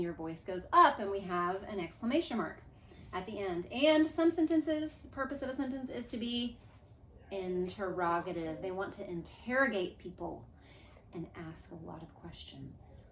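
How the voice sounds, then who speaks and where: At medium pitch and normal speed, a woman teacher runs a lively grammar review, drawing out answers from the class and leading chants. The classroom with a board echoes, and a slight hiss or hum runs underneath.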